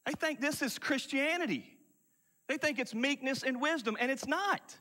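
A man preaching a sermon, emphatic, dropping from loud declarations to hushed asides. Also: very high-pitched, sing-song, moderate pace, long reverb tail. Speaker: pastor.

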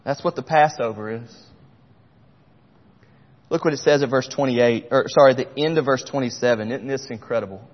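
Impassioned preacher in a reverberant hall. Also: male voice, mid-range voice, normal speed, pauses often. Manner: impassioned, swings from loud to near-whisper. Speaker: pastor. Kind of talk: sermon. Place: church sanctuary. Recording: dull sound with long hall reverb.

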